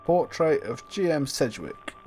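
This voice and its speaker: A man's voice: on the high side, lively intonation, measured pace, a little mellow, faint music behind. A man casually commentating a video game, goofing around, humming nonsense and chatting to himself. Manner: goofy, sings and mutters to himself while playing. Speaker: gameplay commentator. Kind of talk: casual let's play commentary.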